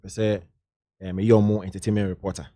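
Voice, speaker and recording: In a relaxed interview, a middle-aged Ghanaian-accented man who works as an entertainment journalist tells spirited stories and slips into local slang. He speaks briskly at a fairly low pitch, and the recording is dry with clean studio sound.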